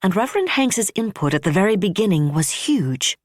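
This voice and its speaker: A narrator voicing a brisk, wry female admiral who speaks firmly and solemnly. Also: medium pitch, big pitch swings, no echo, clean studio sound, voice pushed up. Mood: earnest. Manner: firm and solemn.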